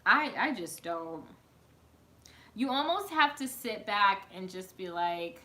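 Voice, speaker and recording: A woman's voice: medium pitch, expressive, takes it slowly, pushed and bright. A woman, chatting casually on a live stream from home, reading out her viewers' comments and laughing often. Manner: chatty, laughs often, talks to chat by name.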